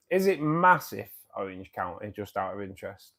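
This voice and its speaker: A man's voice: on the low side, very animated, normal speed, fairly bright tone. A man from the UK with a Manchester accent, hosting a casual livestream and chatting back to viewers' comments. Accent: Manchester English. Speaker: livestream host.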